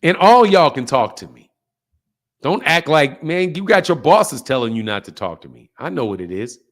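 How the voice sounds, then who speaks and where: A man hosting a boxing livestream talks in a fairly high voice, profane and confrontational. He ranges between loud outbursts and quieter mutters as he lectures his viewers. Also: big pitch swings, moderate pace. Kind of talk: heated livestream rant.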